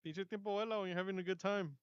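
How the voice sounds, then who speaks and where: A man co-hosts a casual podcast, reading viewer comments and giving short, laid-back reactions. His voice sits a little high and sounds smooth. The recording is close, dry and slightly dull. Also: fairly even intonation, racing, dry recording. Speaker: podcast co-host.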